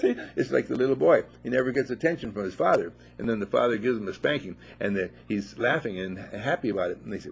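A man giving an informal spiritual talk to a small group at a monastery, animated and playful, full of rhetorical questions. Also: medium pitch, fast talker, creaky, few pauses, slightly rough. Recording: dull lo-fi recording.

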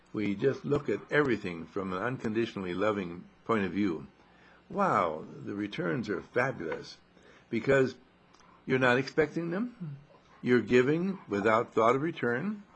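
An older man giving a gentle, rambling, folksy talk, chuckling as he reflects. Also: mid-range voice, gravelly, slightly rough. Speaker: inspirational speaker.

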